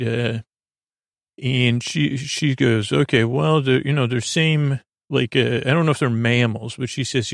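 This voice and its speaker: A man's voice: mid-range voice, gravelly, dry recording, clean studio sound. A man hosting a sleep podcast, loosely retelling a TV episode in a meandering way, full of fillers and restarts. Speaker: podcast host. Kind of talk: rambling episode recap for sleep.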